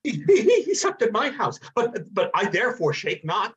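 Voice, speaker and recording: A woman's voice: mid-range voice, sing-song, moderate pace, dull audio, close to an everyday voice. A woman reading the part of a distressed, defensive young courtesan, faltering and stammering. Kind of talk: amateur play reading.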